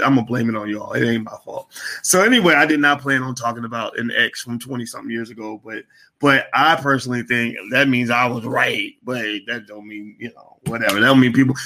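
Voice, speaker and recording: A man hosting a show, telling a casual, rambling late-night story with lively put-on voices and lots of fillers. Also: mid-range voice. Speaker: host.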